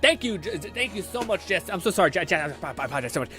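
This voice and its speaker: A Canadian man streaming a game, talking quickly and animatedly in casual, swear-laden commentary. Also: high voice, soft background music. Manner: fast, animated, swearing, jumps into put-on voices.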